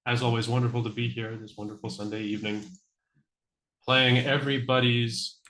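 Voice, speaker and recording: A man's voice: medium pitch, level tone, a little fast, a bit bright, reverberant, slight background noise, low-quality recording. A man giving a genial, slightly showy introduction as a tabletop player on a stream.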